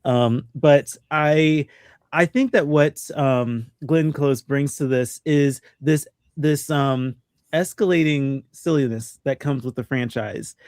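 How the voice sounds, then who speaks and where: A man hosts a relaxed film podcast, feeling his way through each point with plenty of fillers and false starts. His voice sits at an ordinary middle pitch, and the sound is dry with no room echo. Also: slow, clean tone. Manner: hesitant, many ums and restarts. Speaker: podcast host. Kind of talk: casual film discussion.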